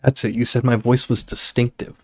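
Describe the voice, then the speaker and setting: A young man streaming a game, chatting casually and rambling off on tangents, relaxed and swearing freely. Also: mid-range voice, fairly quick, gravelly, breathy edge. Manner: laid-back, swears casually.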